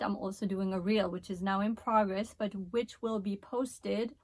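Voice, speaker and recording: A woman's voice: medium pitch, steady tone, moderate pace, dry recording. A woman with a Spanish accent chatting enthusiastically through a hair product review vlog. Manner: chatty and enthusiastic, with laughs and asides. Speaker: hair care vlogger.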